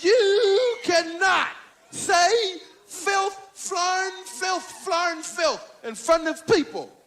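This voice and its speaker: A man's voice: expressive, a bit bright, some chatter behind, slight background noise, full character voice. A man doing a prissy scolding father. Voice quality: high, prissy, drawn-out. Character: prim, fussy middle-aged father scolding over filth.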